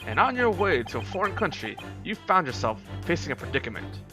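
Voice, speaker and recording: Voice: medium pitch, sing-song, brisk, lightly acted. A streamer voicing a boastful, eccentric male detective in a visual novel, speaking in a theatrical, self-assured way. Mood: pompous. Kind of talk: reading visual novel lines aloud. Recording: game music playing behind. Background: game music.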